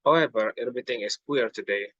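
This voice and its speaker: A man's voice: mid-range voice, fast talker, fairly bright tone, dry recording, highs cut off, close to an everyday voice. A young man voicing Alice, a polite, chatty little girl, in a storybook reading, stumbling over words.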